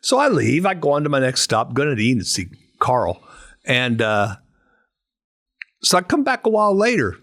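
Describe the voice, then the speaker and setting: Animated middle-aged man telling road stories. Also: medium pitch, normal speed. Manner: animated storyteller who acts out voices. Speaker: podcast guest. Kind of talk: casual storytelling.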